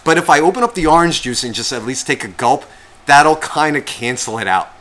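A man's voice: fairly high pitch, lively intonation, fairly quick, fairly bright tone. A man who is sick, telling a long profane, self-mocking story on a podcast and acting out what people said. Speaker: podcast co-host. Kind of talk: casual storytelling chat.

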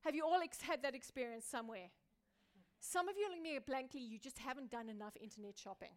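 A woman pastor preaching a sermon, building through repeated phrases and dropping from loud emphasis to a hushed near-whisper. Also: high voice, fast. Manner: repetitive rhetorical building.

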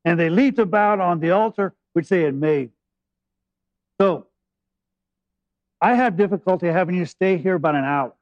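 A man preaching a sermon with a high voice, retelling a scripture story in a lively, joking way. The sound is dry and a little muffled. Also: no room sound. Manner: animated storytelling preacher, paraphrasing scripture with humor. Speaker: pastor.

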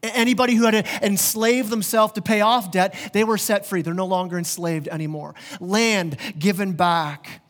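A man preaching a sermon as pastor, animated and direct with the congregation, often stumbling and repeating words. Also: high-pitched, moderate pace, few pauses. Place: church.

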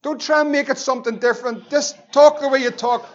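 A pastor preaches in a strikingly high voice. He is impassioned and climbs to shouts on key lines. The recording sounds dull and lo-fi. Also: steady tone, brisk. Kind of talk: sermon.

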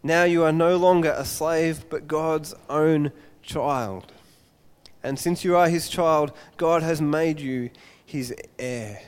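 A man's voice: a little high, takes it slowly, clear, resonant tone. Man preaching in a reverberant hall. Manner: animated storyteller, acts out voices. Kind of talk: Father's Day sermon with storytelling.

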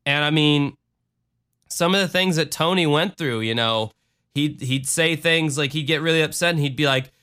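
A man hosting a podcast, talking in a dry, sarcastic deadpan with rambling restarts. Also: a little high, moderate pace, smooth. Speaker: podcast host. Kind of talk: casual podcast monologue.

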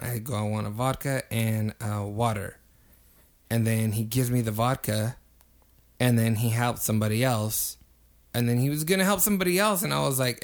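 Young guy cussing his way through a bar story, mid-pitch voice, gets loud on the quotes. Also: normal speed. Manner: animated, swears a lot, gets loud acting out quotes. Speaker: podcast co-host. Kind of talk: casual storytelling chat.

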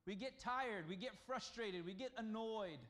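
A man preaching a conversational sermon, at times dropping to a hushed voice to speak as God. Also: sits high, normal speed. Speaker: pastor.

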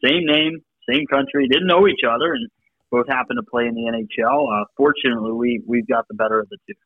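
A man's voice: medium pitch, quick pace, vocal fry, dry recording. Radio guest guy calling in, muffled lo-fi line, easygoing storytelling. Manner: laid-back storyteller, laughs often. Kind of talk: casual sports radio chat. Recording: dull lo-fi phone line.

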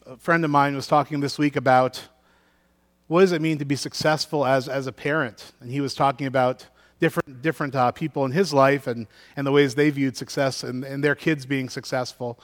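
A man's voice: medium pitch, steady tone, a little fast. A middle-aged man preaching a sermon as pastor, reading scripture and then telling self-deprecating stories in a conversational way, with frequent restarts.

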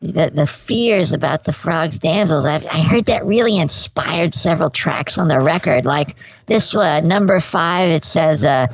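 A woman's voice: low voice, a little slow, vocal fry, husky, dry recording, exaggerated voice, rough recording. A woman playing a gushing, hesitant music correspondent in an improvised comedy interview. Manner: gushing, hesitant, filler-heavy.

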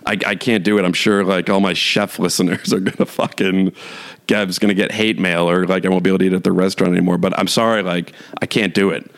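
A young man with a lowish voice talks off the cuff. He rambles through a mock-exasperated rant, stacking fillers and restarting sentences with a laugh never far off. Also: flat delivery, quick pace, vocal fry. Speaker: podcast host. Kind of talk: casual solo chat.

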